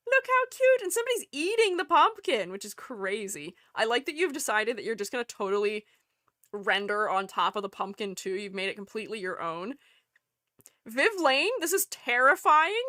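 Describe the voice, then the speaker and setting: A woman's voice: fairly high pitch, fairly bright tone, dry recording, studio quality. A woman streamer chatting casually with viewers, bubbly and giggly, often breaking into laughter and exclaiming in delight.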